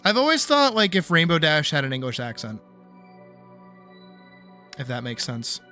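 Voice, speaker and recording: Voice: medium pitch, sing-song, moderate pace, bright, forceful tone, faint music behind. A streamer chatting casually while reacting to videos, musing aloud and trailing off mid-thought.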